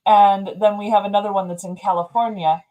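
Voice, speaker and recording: Chatty lady cohost telling stories, laughs a lot, normal pitch. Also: fairly even intonation, brisk, mellow, muffled recording. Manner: chatty, laughs often, self-deprecating. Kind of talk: casual chat.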